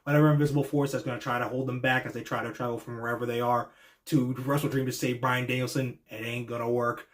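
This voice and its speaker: Talking at a quick pace, a young man reacts to wrestling in a casual, excitable way, using slang and swearing without restraint. He mimics wrestlers begging, pitching his voice much higher for it.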